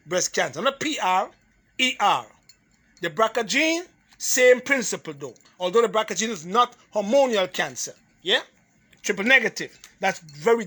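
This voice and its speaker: Male holistic health lecturer, high bright voice, hammers points home in repeated lists, laughs between points. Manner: emphatic, repetitive, drills points in lists. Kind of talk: health lecture to a live audience.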